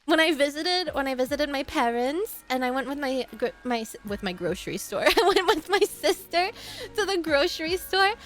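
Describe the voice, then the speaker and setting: A woman's voice: high voice, animated, normal speed. A young woman streamer chatting casually with her viewers, giggling often and drifting off her story to greet people in chat.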